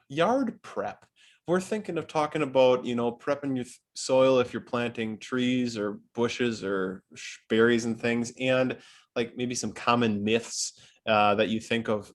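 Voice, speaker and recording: A man with a Wisconsin accent and a slightly nasal voice, hosting a casual garden podcast with plenty of fillers. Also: mid-range voice. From Wisconsin, Oshkosh. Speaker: podcast host.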